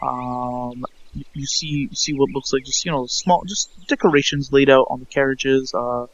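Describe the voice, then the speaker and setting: A man narrating a tabletop game as game master, halting and restarting often. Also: medium pitch, steady tone, muffled recording. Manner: halting, full of fillers and restarts.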